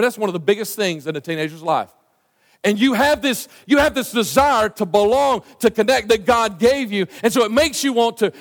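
A man preaching a conversational sermon, with lots of restarts and asides. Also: high-pitched. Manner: animated, conversational preaching with many restarts and fillers. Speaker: pastor. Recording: long reverb of a church hall.

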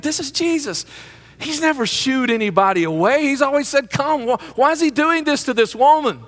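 A man preaching a sermon as pastor, emphatic, with a rising delivery that at times pushes toward a shout. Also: sits high, in a large hall.

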